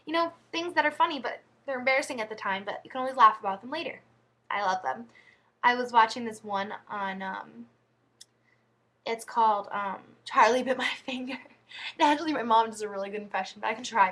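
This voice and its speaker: A woman's voice: a little high, fairly bright tone. A woman vlogging, telling embarrassing stories in a chatty, giggly, rambling way. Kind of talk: casual storytelling to camera.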